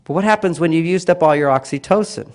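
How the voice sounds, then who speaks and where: A man giving a lecture-style talk, speaking emphatically with repeated phrases and acting out quoted voices. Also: fast talker. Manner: acts out quoted voices with raised pitch and emphasis.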